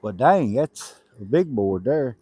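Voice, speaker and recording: A man's voice: medium pitch, very animated, unhurried, mellow, a little hiss or hum. A man in his fifties from Arkansas with a Southern accent, co-hosting a casual outdoor livestream chat by a fire in a folksy, easygoing way. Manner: folksy, easygoing, laughs easily. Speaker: co-host of a homesteading livestream.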